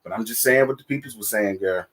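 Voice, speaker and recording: A man hosting a casual live stream who chats with his viewers in a sassy, blunt and profane way, giving shout-outs and calling for likes. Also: lowish voice, fast talker.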